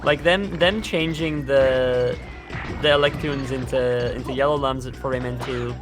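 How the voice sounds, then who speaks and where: A man's voice: medium pitch, steady tone, a little slow, music in the background. A man on a live stream, chatting casually and giving opinions at length about game lore. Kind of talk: casual chat.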